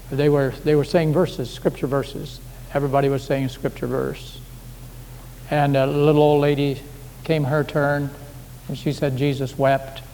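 A man's voice: medium pitch, a little mellow. A man preaching a sermon as pastor, in a folksy, conversational way full of homely anecdotes, recorded in a church sanctuary. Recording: echoey hall with faint background hiss.

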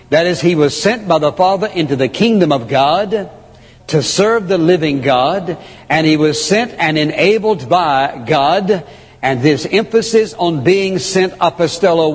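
A man preaching a sermon, emphatic and repeating key phrases, slowing down to read scripture. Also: on the high side, husky. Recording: long hall reverb.

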